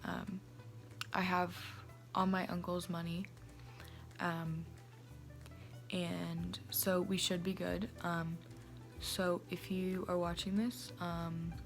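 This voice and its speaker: A woman's voice: lowish voice, a bit bright. A woman playing a gossipy, self-centered young Salem woman who talks to the camera in a chatty vlog style, full of "like" and "oh my gosh". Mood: breezy. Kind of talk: amateur vlog-style role-play.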